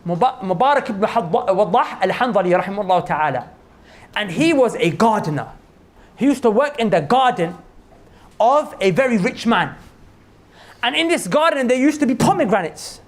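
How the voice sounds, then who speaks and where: A man preaching to an audience in a mosque hall, telling a story with lively delivery. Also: high-pitched, moderate pace. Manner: animated storyteller, addresses audience as brothers. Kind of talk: storytelling sermon.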